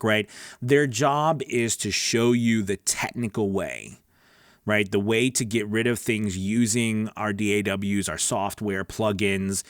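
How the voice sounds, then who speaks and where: A man's voice: on the low side, no room sound. Chatty man coaching voice work, dry sound. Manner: earnest, chatty, says "right?" often, restarts. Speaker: voice-over coach. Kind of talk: casual teaching monologue.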